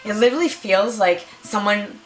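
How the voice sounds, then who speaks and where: A young woman vlogger telling a story to the camera in a casual, animated way, full of fillers and acted-out quotes. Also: mid-range voice, moderate pace, low-quality recording.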